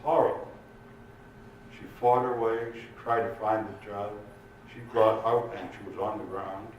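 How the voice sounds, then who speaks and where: An older man telling jokes in an unhurried, lively way to a live audience in a community room at a retirement village, recorded in an echoey room from far off. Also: on the low side, lo-fi sound, slight background noise. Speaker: amateur comedian. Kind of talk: stand-up joke telling. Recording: echoey room, mic far off, faint ambience.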